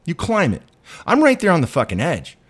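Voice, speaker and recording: A man's voice: on the high side, huge pitch swings, a little fast, breathy edge. A man hosting a podcast, delivering a profane, self-deprecating rant. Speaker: podcast host.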